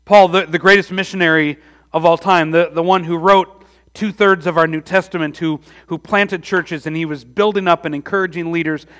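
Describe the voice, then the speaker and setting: Earnest high-voiced male preacher. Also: steady tone, normal speed, fairly bright tone. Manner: earnest, repeats words and restarts often. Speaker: pastor. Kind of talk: sermon.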